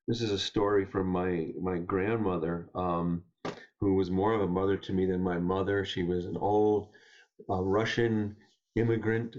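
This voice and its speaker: Gentle reflective man, low voice. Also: highs cut off. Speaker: guest poet. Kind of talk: reflective storytelling and poetry reading.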